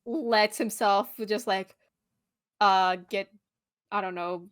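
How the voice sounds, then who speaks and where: A woman's voice: mid-range voice, fairly even intonation, slow pace, smooth. A woman playing a tabletop game, hesitant and searching for words as she describes her character. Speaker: player. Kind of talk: casual tabletop game play.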